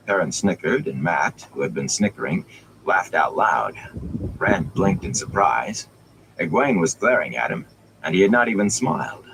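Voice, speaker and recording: A man reading a fantasy novel aloud in a measured storytelling manner, over steady background noise. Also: low voice, vocal fry. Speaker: audiobook reader.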